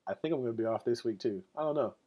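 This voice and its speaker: A man's voice: medium pitch, racing, muffled recording. A man hosting his own podcast alone, talking casually in a loose, rambling and profane way with lots of "like" fillers. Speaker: podcast host. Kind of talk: casual solo podcast talk.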